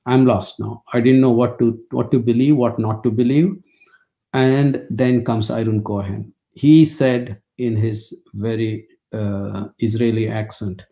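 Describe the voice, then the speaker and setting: A man's voice: mid-range voice, steady tone, moderate pace, vocal fry, warm tone. A man in his sixties from India, speaking, gives a webinar lecture as wry, anecdotal storytelling.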